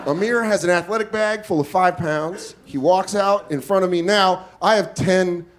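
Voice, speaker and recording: A man's voice: high-pitched, normal speed. A man doing stand-up comedy on a club stage, telling a crude story and acting out other people's lines. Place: comedy club stage before a laughing crowd. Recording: live club with loud crowd laughter.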